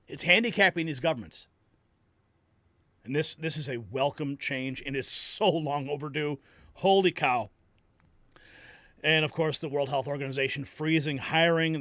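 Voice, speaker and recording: A male host delivering excitable political news commentary, reacting to clips. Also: a little high, no room sound.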